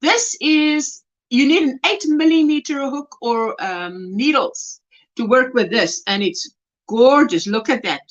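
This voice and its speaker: A woman from South Africa hosting a casual crochet livestream, chatty and animated, gushing over yarn and reading viewer comments aloud. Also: high voice, measured pace. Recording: dull lo-fi livestream audio.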